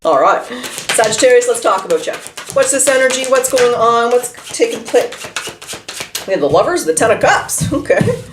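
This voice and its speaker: A woman giving a casual tarot reading, chatty and animated, talking straight to the viewer from a room at home. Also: a little high, normal speed, reverberant, music in the background. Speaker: tarot reader. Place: room at home, seated in a chair.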